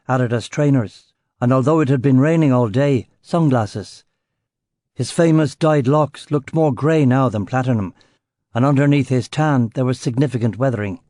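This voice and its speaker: A man's voice: medium pitch, mellow, no echo. Man, audiobook narrator, detective novel, clipped terse delivery, close mic, dead dry sound. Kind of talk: first-person detective novel reading.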